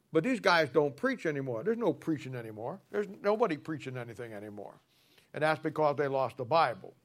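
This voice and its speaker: A man's voice: on the high side, a bit bright. A man preaching a sermon in a folksy, colloquial storytelling way, with emphatic points. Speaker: pastor.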